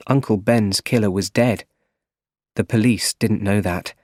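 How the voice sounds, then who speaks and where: A man narrating a story for English learners in a clear, measured reading. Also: fairly low pitch, darkish tone, no room sound. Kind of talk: slow scripted story narration. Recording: dry close recording.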